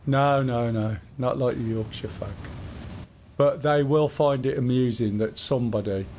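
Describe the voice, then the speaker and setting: Man, Black Country accent, casual game streamer, rambling chat, mid pitch. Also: unhurried, a little mellow, slight background noise. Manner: chatty, rambling, talks to himself while playing.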